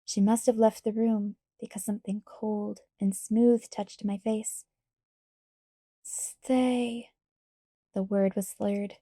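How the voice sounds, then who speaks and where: A woman reading a novel aloud in quiet, even first-person narration. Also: mid-range voice, a little slow, hardly any pauses, no room sound, studio quality. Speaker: audiobook reader.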